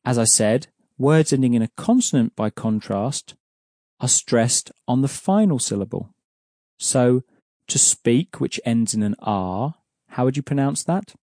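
Mellow-voiced male language teacher. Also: mid-range voice, lively intonation, measured pace, no room sound, studio quality. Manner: patient, clear explaining. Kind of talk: explaining an audio course lesson.

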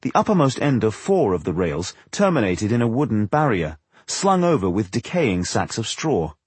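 A man reading a fantasy novel aloud as narrator, in a measured, expressive storytelling manner. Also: lowish voice, breathy edge, no echo. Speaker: audiobook narrator. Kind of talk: scripted narration.

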